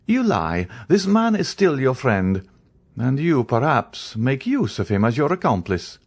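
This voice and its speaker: A man's voice: medium pitch, very animated, a little slow, husky, pitched above the performer's own voice, heavily acted. A man voicing a stern, imperious middle-aged priest who interrogates with authority.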